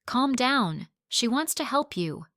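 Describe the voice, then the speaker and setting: A woman's voice: fairly high pitch, sing-song, slow pace, fairly bright tone, no room sound, studio quality, voice pushed up, full character voice. A woman voicing a firm, matter-of-fact male police officer in a storybook reading. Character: gruff middle-aged male police officer.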